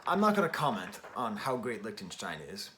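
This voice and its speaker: A man's voice: lowish voice, sing-song, fairly quick, pushed and bright, slight background noise. A man giving a casual spoken record review, thinking aloud with many restarts and fillers. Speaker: music reviewer.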